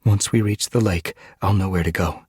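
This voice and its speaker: A man reading an audiobook, voicing an injured female medicine cat in a soft, steady way, his voice lifted for her. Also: sits low, moderate pace, slightly rough, no room sound, studio quality, pitched above the performer's own voice. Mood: concerned.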